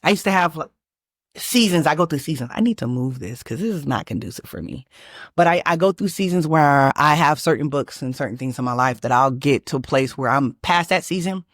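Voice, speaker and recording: A woman from Texas, hosting her own channel and telling a personal story in a lively, emphatic way with many restarts. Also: low-pitched, brisk, no echo, clean studio sound. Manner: animated, emphatic, lots of restarts and fillers. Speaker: manifestation channel host.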